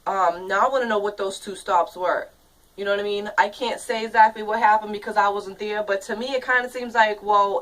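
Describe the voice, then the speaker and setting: A woman's voice: mid-range voice, a bit bright, recorded from a distance, low-quality recording. A woman of thirty ranting in a casual vlog, angry, profane and rambling, full of "you know what I mean" fillers. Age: 30s.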